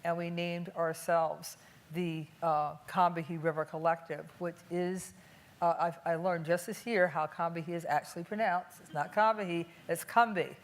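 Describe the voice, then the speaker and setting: An older woman from Cleveland speaking on a panel before an audience, thoughtful and unhurried, with many filler pauses. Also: fairly low pitch, flat delivery. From Cleveland, USA. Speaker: panelist and activist. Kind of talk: public panel talk. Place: museum talk before an audience.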